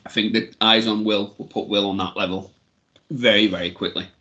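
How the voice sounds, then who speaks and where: A man's voice: fairly low pitch, fairly even intonation, brisk, bright, forceful tone, lo-fi sound. A man co-hosting a casual wrestling podcast, blunt and opinionated, with casual swearing. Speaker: podcast co-host.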